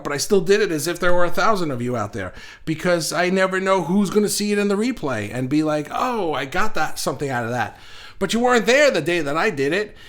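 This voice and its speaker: A man hosting a casual livestream, chatting in a rambling way and reading viewer comments aloud. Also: on the high side. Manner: rambling and chatty, with frequent restarts. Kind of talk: casual live chat.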